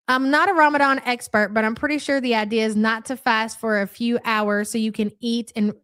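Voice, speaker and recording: A woman's voice: a little high, fairly bright tone, no echo, studio quality. Sarcastic woman hosting a live reaction stream. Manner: sarcastic, blunt, calls viewers "hun". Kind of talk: casual live commentary, reading viewer chats.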